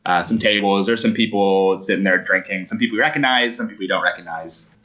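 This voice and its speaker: Casting: male game master, low bright voice, loose rambling narration. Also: fast talker, poor audio. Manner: rambling, hedging with fillers.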